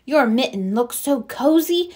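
A woman's voice: high voice, animated, a little slow, darkish tone, pitched above the performer's own voice. A woman voicing a cold little rabbit in a storybook read-aloud, begging in a sing-song way. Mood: pleading.

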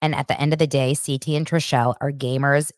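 A woman in her thirties hosting a podcast, chatting casually and excitedly as she retells scenes and acts out people's lines. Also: a bass voice, fast talker, no echo, clean studio sound. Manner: excitable, animated retelling with acted-out quotes. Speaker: podcast host. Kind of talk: casual chat recapping reality TV.

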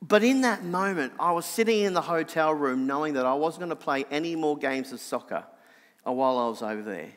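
A middle-aged Australian man with a nasal voice, telling a personal story in an animated sermon. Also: fairly quick, big-room sound. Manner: animated anecdotal, drops soft and low for reflection. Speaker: preacher.

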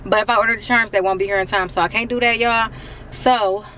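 Fast and sharp-toned, with fairly even intonation and a medium pitch, a young vlogger chats casually to viewers she keeps addressing as y'all. She talks from her car and later at home, and her handheld camera mic picks up a little hiss or hum.

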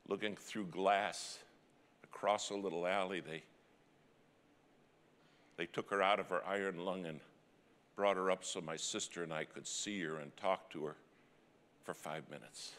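A middle-aged man preaching a sermon as a dramatic story, swinging from loud cries to hushed, near-whispered lines. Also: deep voice, steady tone, a little slow, long pauses. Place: church sanctuary. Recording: long church hall reverb.

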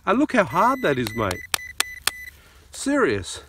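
Chatty Australian man with lively pitch. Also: takes it slowly, background noise. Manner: joking, chatty, excitable. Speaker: metal detecting host. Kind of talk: casual chat. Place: dry field outdoors. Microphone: phone camera.

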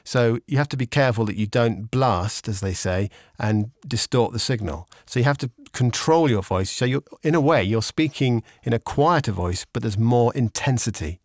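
A man talks through studio technique in a relaxed, explanatory tone, pausing on ums and restarting his sentences. His voice sits at an ordinary middle pitch. The sound is dry and close, captured on a studio condenser mic. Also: no room sound. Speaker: instructor. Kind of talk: casual instructional explanation. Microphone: studio condenser microphone with pop shield.

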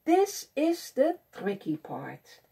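A woman voicing a proud, chatty female caterpillar in a picture-book reading, with a high, excited storybook voice. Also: slow, creaky, distant mic, heavily acted.

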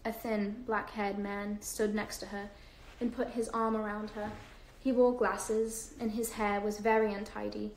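A woman reads a novel aloud to her livestream viewers at an ordinary mid-range pitch. Her delivery is unpolished, with fillers and small self-corrections. The recording sounds like a roomy home space picked up on a phone. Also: little pitch movement, measured pace, few pauses, a little hiss or hum. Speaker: livestream host reading aloud.

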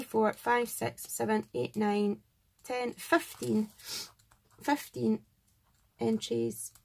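A woman's voice: fairly high pitch, creaky. A Scottish woman hosting a craft channel, chatting to camera as she unboxes gifts and gushes over each one. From Scotland. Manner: gushing, chatty, thanks each sender warmly. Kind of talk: casual unboxing chat to camera.

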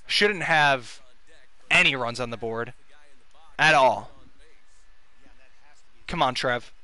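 A man's voice: mid-range voice, takes it slowly, bright, forceful tone, no echo. A young man giving casual, profane gameplay commentary as a gaming video host, venting frustration and urging on his players.

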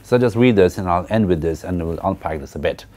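A man's voice: low-pitched, a little fast, a little mellow. A man giving a literature lecture, explaining a novel in a hesitant, explanatory way. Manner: hesitant, many fillers and restarts, explanatory. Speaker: university lecturer. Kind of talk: literature lecture with text reading.

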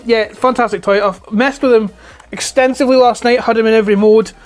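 A man in his forties with a Scottish accent, chatting casually to camera about toys at home on a clip-on mic, his voice hoarse and close to breaking, rambling and swearing freely. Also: very high-pitched, moderate pace. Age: 40s. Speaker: toy collector vlogger. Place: at home indoors. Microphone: clip-on lapel mic.

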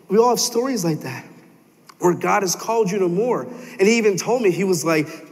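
A man's voice: high voice, animated, normal speed. A young man preaching a sermon in a church, telling stories animatedly and acting out quoted voices. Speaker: pastor. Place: church sanctuary. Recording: long hall reverb.

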